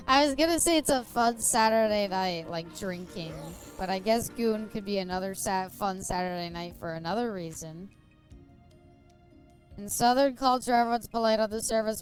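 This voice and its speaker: A woman's voice: medium pitch, moderate pace, faint music behind. Giggly, chatty young woman streamer. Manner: giggly, chatty, swears freely. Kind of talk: casual chat while playing.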